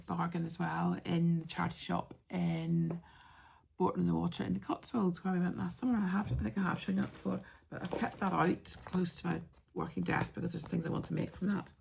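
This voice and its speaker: A woman hosting a craft podcast, chatting casually with many ums and soft asides as she shows yarn and patterns. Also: lowish voice, vocal fry, slight background noise.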